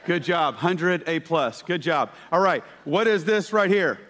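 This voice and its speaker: A man preaching a sermon, telling stories with lively shouted quotes. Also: on the high side, measured pace. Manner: animated storytelling with shouted quotes. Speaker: pastor. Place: church sanctuary. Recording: church hall reverb.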